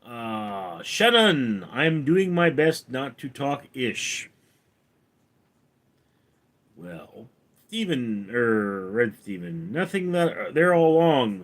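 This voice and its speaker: A man hosting a casual livestream, reading out viewers' names and comments and answering them, calling the names out louder and higher than his replies. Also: big pitch swings, slow pace. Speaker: streamer reading viewer chat; actor.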